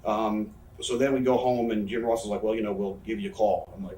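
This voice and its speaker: Fast-talking, profane man in a roomy space. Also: fairly low pitch, little pitch movement, dark tone, distant mic. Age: 30s. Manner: profane, rambling, candid. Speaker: professional wrestler interviewee. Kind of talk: candid shoot interview storytelling. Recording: roomy, voice from away from the mic.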